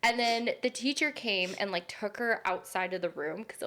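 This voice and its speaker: A woman's voice: medium pitch, moderate pace, pushed and bright. A young woman co-hosting a casual chat, telling childhood stories bluntly, swearing freely and laughing as she talks. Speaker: co-host.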